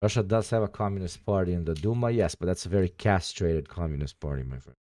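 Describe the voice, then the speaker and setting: A man's voice: sits low, fast talker, warm tone, no echo, studio quality. A man livestreaming, chatting casually with his viewers in a profane, sarcastic way.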